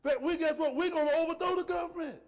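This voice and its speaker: A male preacher giving an emphatic sermon, swinging between shouted points and soft, low asides. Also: fast. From rural area. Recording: long hall reverb.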